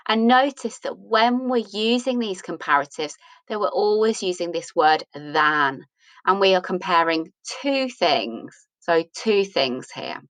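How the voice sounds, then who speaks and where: A woman's voice: fairly low pitch, expressive, measured pace, a bit bright, dry recording, low-quality recording. A woman teaching English grammar, patiently explaining rules and asking questions that she answers herself. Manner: patient, asks and answers her own questions.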